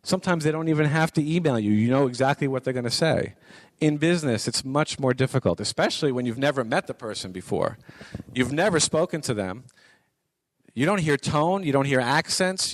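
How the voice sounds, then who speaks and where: A man's voice: mid-range voice, no echo. A middle-aged man giving a conversational lecture to college students, repeating his points for emphasis. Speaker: guest speaker on business writing.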